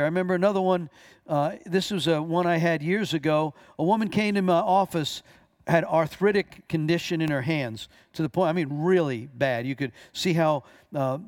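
A man's voice: high-pitched, dry recording, studio quality. A man teaching a church class as pastor, telling stories earnestly with frequent restarts.

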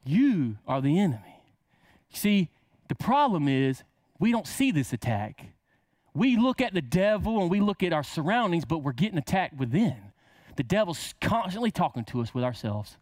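A man's voice: a little high, very animated, normal speed, a little mellow, dry recording. A man preaching a casual sermon to camera, asking rhetorical questions and drawing words out for emphasis.

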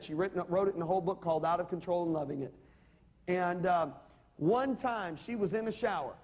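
A man preaching a sermon, emphatic and calling on the congregation for amens. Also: high-pitched. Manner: emphatic, calls for amens and audience responses. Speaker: pastor. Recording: long reverb of a large hall.

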